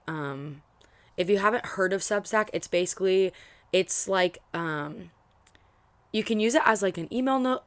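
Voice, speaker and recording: A woman's voice: lowish voice, dry recording. A young woman chatting casually about a book she is reading, rambling with lots of fillers and restarts. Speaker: book vlogger. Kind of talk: casual book reaction chat.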